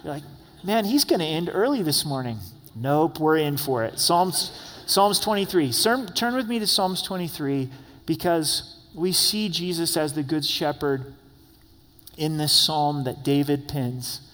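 A man's voice: a little high, animated, a little slow, a bit bright, a little hiss or hum. A male pastor delivering a sermon, reading scripture aloud verse by verse and addressing the congregation directly with light humor. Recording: long echoey hall reverb.

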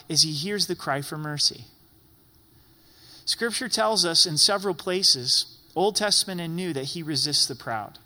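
Here a pastor delivers a sermon from the church sanctuary in a voice that sits high, bright and forceful. He repeats phrases emphatically for effect, and the sound rings with the long reverb of a big church hall.

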